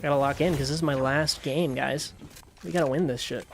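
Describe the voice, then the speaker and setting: A young man live-streaming a video game, chatting casually with his viewers, swearing and yelling excitedly when things get tense. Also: a little high, fairly quick, gravelly, a little hiss or hum.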